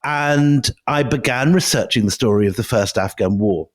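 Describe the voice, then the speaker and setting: Measured, reflective man co-host. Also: medium pitch. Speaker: podcast co-host. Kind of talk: conversational history chat.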